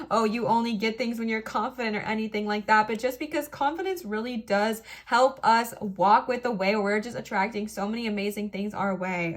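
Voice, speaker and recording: A woman giving a pick-a-card tarot reading to camera. She heaps earnest, emotional encouragement on the viewer and says more than once that she is close to tears. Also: a little high. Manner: warm, effusive encouragement addressed straight to the viewer. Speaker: tarot reader.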